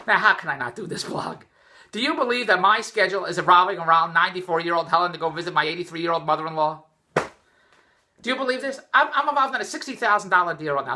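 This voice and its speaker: This rambling personal vlog rant comes from a middle-aged man indoors, fresh out of the rain, who restarts his exasperated story again and again. He speaks in a high voice that sounds pushed and bright.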